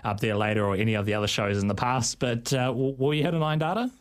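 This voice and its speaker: A man's voice: mid-range voice, fairly even intonation, fast talker. A man hosting a radio show, chatting casually and joking around. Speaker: radio host.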